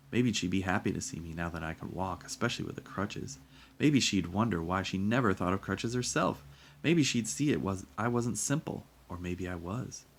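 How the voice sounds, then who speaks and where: Man with a really low voice reading a kids' book chapter out loud. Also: creaky. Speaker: reader. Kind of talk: reading a children's novel aloud.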